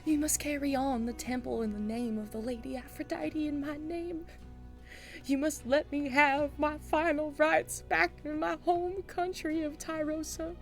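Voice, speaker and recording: A woman voicing a theatrical woman who fakes a saintly death, speaking slowly and melodramatically. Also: high voice, steady tone, faint music behind, pitched above the performer's own voice. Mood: solemn. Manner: slow, solemn, melodramatic.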